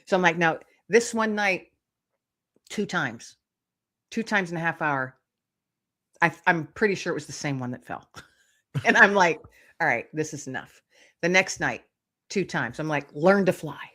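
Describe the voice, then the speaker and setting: A middle-aged woman, a guest author, telling lively anecdotes in casual chat, acting out little voices and laughing often. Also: on the low side, unhurried, long pauses. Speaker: guest, author and podcast host.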